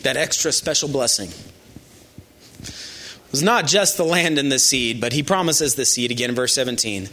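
A male pastor preaching a sermon in an animated, emphatic way with asides to the congregation. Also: mid-range voice, moderate pace, pauses often.

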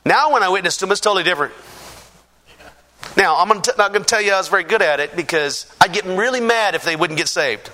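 A middle-aged man from the Pacific Northwest giving a lively personal testimony, poking fun at himself and acting out what people said. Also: sits high, quick pace. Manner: lively, self-mocking storyteller who acts out quotes. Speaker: church testimony speaker.

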